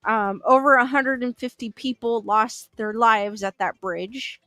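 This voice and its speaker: A woman's voice: fairly high pitch, fairly even intonation, unhurried, a bit bright, no room sound, faint music behind. A woman hosting a livestream, answering viewer chat questions casually, chatty and thinking aloud with fillers and laughs. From Southern California. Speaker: livestream host reading chat.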